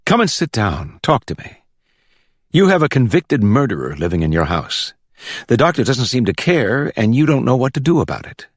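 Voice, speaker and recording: A man's voice: mid-range voice, very animated, normal speed, no echo, clean studio sound, pitched above the performer's own voice. A man voicing a tough woman officer who presses a suspect with coaxing questions, in a storybook reading. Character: probing, streetwise woman officer.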